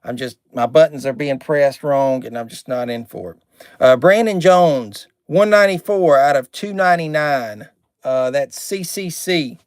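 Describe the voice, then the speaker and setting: A man's voice: a little high, measured pace, no echo, clean studio sound. A man hosting a live card break stream, chatting, reading out names and card numbers, and sometimes getting irritated.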